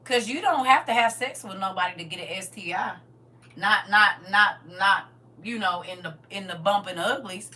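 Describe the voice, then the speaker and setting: A woman's voice: medium pitch, moderate pace, sharp tone. A middle-aged woman on a podcast, blunt, sassy and emphatic, giving frank relationship opinions in casual chat.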